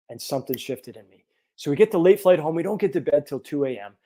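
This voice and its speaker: A chiropractor in his fifties telling a personal story in an animated, earnest way. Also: fairly high pitch, quick pace. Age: 50s.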